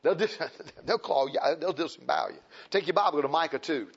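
A man preaching a fiery sermon, emphatic and repetitive, swinging between shouts and hushed tones. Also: a little high, brisk, slightly rough. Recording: dull lo-fi recording.

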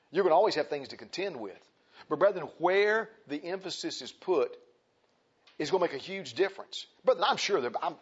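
A man's voice: fairly high pitch, husky, muffled recording. A man preaching a sermon to his congregation, emphatic and repeating his points, calling them brethren. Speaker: pastor.

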